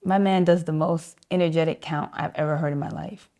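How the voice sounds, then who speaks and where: A woman with a lowish voice, telling her stories with a lot of energy. She laughs easily and jumps up high when she acts out what other people said. She is a young saxophonist talking to an interviewer. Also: fairly even intonation, a little fast, warm tone. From New York. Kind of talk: animated storytelling with acted-out quotes.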